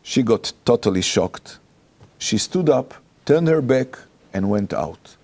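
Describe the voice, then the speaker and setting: A man with an Israeli accent, a rabbi and interview guest, telling a personal anecdote in animated, halting, non-native English. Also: medium pitch, vocal fry.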